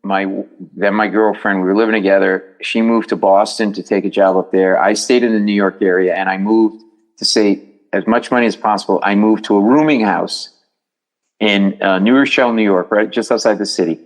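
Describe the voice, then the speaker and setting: Animated storytelling comedian, middle-aged man. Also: on the low side, brisk, poor audio. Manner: animated, acting out voices in his stories. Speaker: comedian guest. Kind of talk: podcast storytelling.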